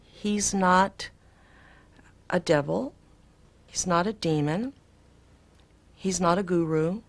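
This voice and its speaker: Woman in an old interview, gravelly kinda fry voice, talks with breathless wonder. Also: lowish voice, slow. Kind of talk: archive interview.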